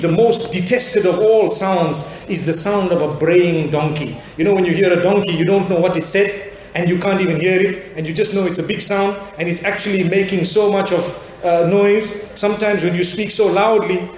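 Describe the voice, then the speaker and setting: A man's voice: high-pitched, normal speed, a little mellow. A man from Zimbabwe preaching a sermon, telling stories and acting out bits of dialogue. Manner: storytelling with acted-out dialogue. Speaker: Islamic preacher. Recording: echoey hall recording.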